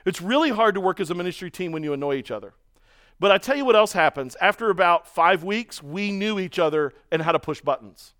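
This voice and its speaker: A man preaching a sermon, telling stories in a lively way and acting out the voices of other people. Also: sits high, brisk. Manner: storytelling, animated, mimics voices in quotes. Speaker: pastor.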